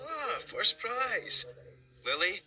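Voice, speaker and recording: A man's voice: high voice, sing-song, extremely slow, sharp tone, heavily acted. Breezy, slangy young conductor played by a man. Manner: breezy, casual, with sighs. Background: music.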